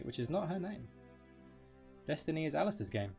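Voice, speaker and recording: A man streams a video game live, rambling along and joking with his viewers. His voice sits a little high with a gravelly edge. Faint game music plays behind him. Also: very animated, a little fast, long pauses, darkish tone. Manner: chatty, rambling, joking with chat.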